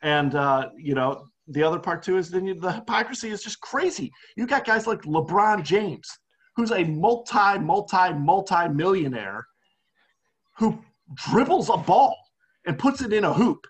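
A man's voice: sits high, lively intonation, moderate pace. A man co-hosting a casual podcast, ranting heatedly with a sarcastic edge. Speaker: podcast co-host. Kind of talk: heated casual political chat.

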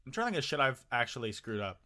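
Bright-voiced young man, casual swearing. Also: mid-range voice, very animated, racing. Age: young adult. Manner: laid-back, swears a lot, laughs while telling stories. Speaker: podcast co-host. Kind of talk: casual chat.

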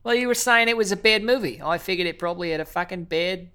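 A woman's voice: fairly low pitch, fast, bright, forceful tone, clean tone. A woman chatting on an improvised comedy podcast, joking and swearing freely as she rambles. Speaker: podcast guest.

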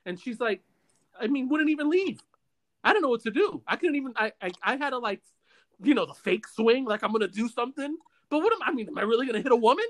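A man hosting a podcast, telling a long story in a casual, animated way with many stammers and restarts. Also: very high-pitched, quick pace. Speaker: podcast host.

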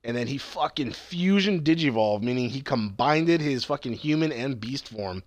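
Animated storytelling man, dry sound. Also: mid-range voice, normal speed, no echo. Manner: animated storytelling, swears freely. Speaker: podcast co-host. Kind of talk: casual recap chat.

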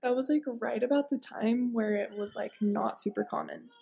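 A woman's voice: on the high side, normal speed, creaky, dark tone, husky. A woman co-hosting a casual podcast, chiming in with supportive agreement. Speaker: podcast co-host.

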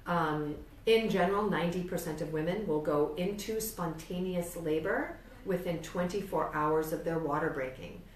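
A woman's voice: on the low side, moderate pace, hardly any pauses, a little hiss or hum. A woman with a New York accent, explaining things step by step as a birth educator and often checking in with "right?". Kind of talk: instructional demonstration. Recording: roomy, distant mic, faint ambience.

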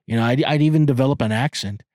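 Man, podcast host, rambling casual chat, curses a lot, mid-pitched, dry close sound. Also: quick pace, darkish tone, dry recording. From Canada. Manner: rambling, profane, frequent restarts and stammered repeats.

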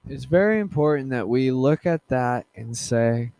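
A man hosting a casual solo podcast, rambling with many fillers, restarts and halting pauses. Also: mid-range voice, animated, vocal fry, dark tone, no echo. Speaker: podcast host.

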